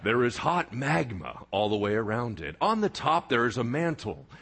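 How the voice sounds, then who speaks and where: A man preaching a sermon in a lively, joking way, often asking the congregation whether they follow him. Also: medium pitch, moderate pace, creaky. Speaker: pastor.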